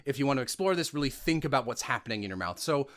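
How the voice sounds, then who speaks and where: A man's voice: medium pitch, animated, racing, fairly bright tone. A young man hosting a podcast about voice acting, chatting casually with a self-deprecating manner. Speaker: podcast co-host, voice actor. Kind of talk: casual chat.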